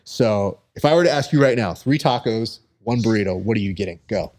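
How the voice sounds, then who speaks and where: A young adult man hosting a podcast, chatting casually and telling lively stories, acting out the people he quotes. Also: fairly low pitch, a little fast. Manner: animated storyteller who acts out quoted people. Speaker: podcast host. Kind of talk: casual chat.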